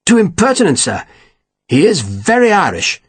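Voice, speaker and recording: A man's voice: high-pitched, wildly swooping pitch, normal speed, husky, pitched above the performer's own voice, exaggerated voice. A man putting on a clipped, complaining army captain. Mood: aggrieved. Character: stiff, pushy male army captain, disdainful.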